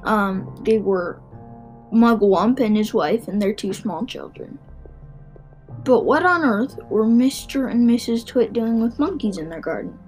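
A woman reads a children's book aloud in a fairly high voice, shaping the sentences with expression. Now and then she trips on a word and starts it again. Soft music plays faintly behind her. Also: measured pace, rough recording. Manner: expressive, with small stumbles and restarts. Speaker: narrator.

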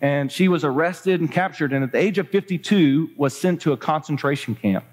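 A man's voice: on the high side, a little fast, breathy edge. A man preaching in an earnest, personal way, then reading a book passage aloud during the sermon.

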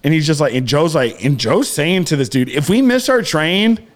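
Rambling, slightly high-voiced man. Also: lively intonation, moderate pace. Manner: rambling, many restarts and fillers, swears casually. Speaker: podcast co-host. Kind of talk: casual storytelling chat.

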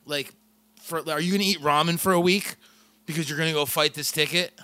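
A man co-hosting a podcast, animated and crude, swearing freely. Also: on the high side, brisk, clear, resonant tone, dry recording. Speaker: podcast co-host. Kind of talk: casual podcast banter.

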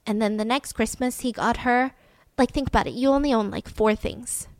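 A woman hosting a podcast tells a true-crime story in a loose, chatty way. Her voice sits fairly high, and she gets animated and openly indignant about what happened. The sound is dry and close. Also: brisk, no echo. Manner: animated and indignant, heavy use of "like". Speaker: podcast host.

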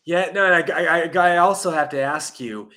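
A man hosting a talk show and asking a guest questions in a conversational, somewhat halting way. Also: a little high, crowd noise. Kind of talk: interview questions.

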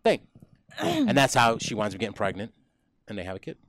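A man's voice: mid-range voice, huge pitch swings, brisk, a bit bright, no room sound. A man hosting a podcast, retelling stories in a rambling, profane, casual chat.

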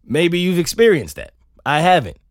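A podcast host delivers a lively comedic solo monologue, laughing and cursing as he tells stories with animated energy. His voice is a little high and his pace moderate, recorded on a close studio mic with clean sound and no room echo.

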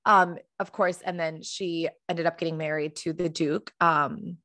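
A woman's voice: sits low, steady tone, unhurried, bright, forceful tone, dry recording. A woman co-hosting a podcast in casual chat, talking in a chatty, wandering way and often correcting herself mid-sentence. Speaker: podcast co-host.

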